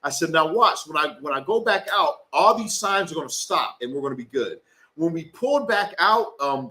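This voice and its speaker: Young guy doing tarot on a phone live, kinda high bright voice, swings up and down a lot, swears and rambles. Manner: loose, profane, rambling, with many fillers. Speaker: tarot reader and spellcaster. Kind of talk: live-stream tarot reading and casual chat.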